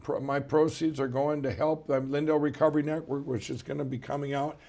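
Animated middle-aged man telling stories. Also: a little high, brisk, creaky. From Minnesota. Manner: animated storytelling, frequent "you know". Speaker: co-host. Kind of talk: casual talk show conversation.

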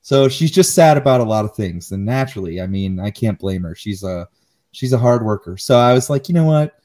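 A man's voice: lowish voice, lively intonation, brisk, mellow. A man co-hosting a casual podcast, ranting animatedly and swearing freely. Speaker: podcast co-host. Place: Cincinnati area.

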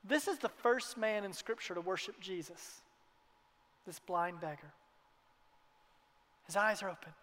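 A man preaching a sermon to his congregation in a church, earnest, sometimes dropping to a hushed tone for emphasis. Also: sits high, expressive, measured pace, long pauses. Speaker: pastor. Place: church hall. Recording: long hall reverb.

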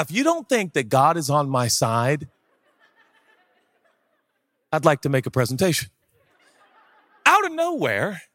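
A pastor telling funny stories in a sermon, jokey and animated, breaking into sudden loud shouts, on a church stage. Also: male voice, on the high side, dry recording, clean studio sound. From Seattle area, USA. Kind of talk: humorous sermon storytelling. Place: church stage before a live audience.

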